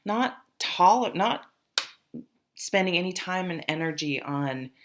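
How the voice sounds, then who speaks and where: A woman's voice: lowish voice, animated, slow, a little hiss or hum. A woman giving a casual, rambling tarot reading to her viewers, with many fillers and restarts. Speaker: tarot reader.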